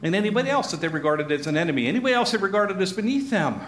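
Male Bible teacher, lively pitch, slightly high voice, echoey room, faint hiss. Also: very fast. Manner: animated, acts out crowd voices, chuckles often.

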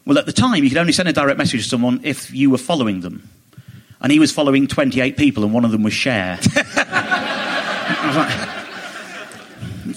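A man, a comedian guest on a chat podcast, telling an animated, indignant story and mimicking other people as he goes. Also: on the high side, brisk, slightly rough. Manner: animated, indignant, quotes others in mock voices.

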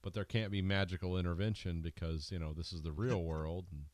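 A man's voice: deep voice, steady tone, fairly quick, a little mellow, dry recording. A man co-hosting a casual movie podcast, making dry, jokey asides about the film. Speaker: podcast co-host.

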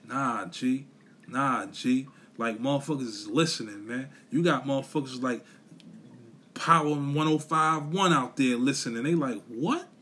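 Husky-voiced man ranting bluntly. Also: medium pitch, unhurried, pushed and bright. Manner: blunt, repetitive, swearing, slangy. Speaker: podcast host. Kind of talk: profane motivational rant.

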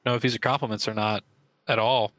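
A young man tells a long, rambling story on a casual podcast, leaning heavily on fillers like "like" and "I was like." His voice is bright and forceful, with a dry, close sound. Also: lowish voice, level tone, quick pace, dry recording, poor audio. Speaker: podcast co-host. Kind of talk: casual chat.

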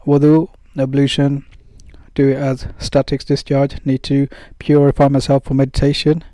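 A man's voice: mid-range voice, completely flat delivery, moderate pace, warm tone, dry recording. A man giving casual spoken advice in a loose, conversational way, full of fillers and acted-out dialogue.

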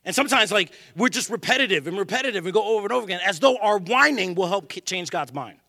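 Bright, high-voiced joking pastor. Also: male voice, fast talker, creaky, no room sound, studio quality. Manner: animated, joking, acts out quoted voices. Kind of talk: sermon. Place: church.

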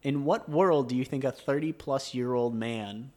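A man's voice: medium pitch, moderate pace, warm tone. Sarcastic man teasing friends. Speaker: podcast co-host. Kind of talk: casual chat.

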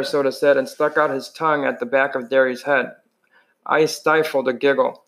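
A man's voice: medium pitch, flat delivery, moderate pace, a bit bright. Man reading a novel aloud, with stumbles. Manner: plain reading with slips and restarts. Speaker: reader.

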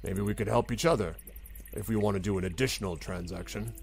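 A man's voice: lowish voice, fast, vocal fry, darkish tone, slight background noise. A man narrating as game master of a tabletop game, laid-back and hesitant with many fillers.

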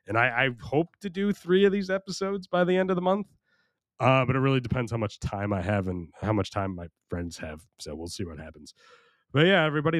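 Young American man with a low, tired, strained voice for a solo podcast, rambling and self-mocking, recorded close and dry. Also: no echo. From United States. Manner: rambling, crude, self-mocking, frequent restarts. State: strained, worn voice. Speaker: podcast host.

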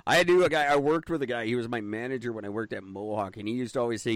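Brief: male co-host, crude joking chatter, very lively pitch, middle register. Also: fast talker, dry recording. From Canada. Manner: animated, swearing, jokey. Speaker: podcast co-host. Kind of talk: crude casual banter.

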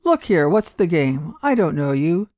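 A woman's voice: low voice, sing-song, unhurried, darkish tone, dry recording, clean studio sound. A woman reading aloud voices a small-time male gambler who talks bluntly, curtly and with unease. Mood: curt suspicious.

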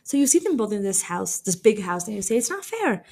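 A woman's voice: medium pitch, lively intonation, fast talker, creaky, dark tone. A young adult woman hosting a podcast as a dating coach and matchmaker. She speaks in a casual, conversational way, telling stories and using many fillers like "you know". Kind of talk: casual advice monologue with storytelling.

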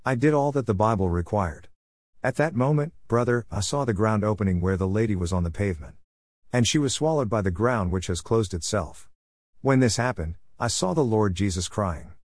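A man's voice: lowish voice, lively intonation, fairly quick, no echo, clean studio sound. A man preaching an earnest, solemn sermon testimony about a vision of heaven.

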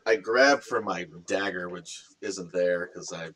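A man's voice: sits low, slow pace, a bit bright. A man playing a tabletop game, describing his character's actions and laughing. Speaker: player.

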